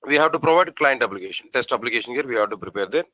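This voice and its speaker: Male coding instructor, mid-pitched, talks through code step by step with lots of questions to the class, dry sound. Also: animated, sharp tone, dry recording, poor audio. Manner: repetitive, asks the class questions, spells out code slowly. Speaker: programming teacher. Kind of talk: live coding lesson.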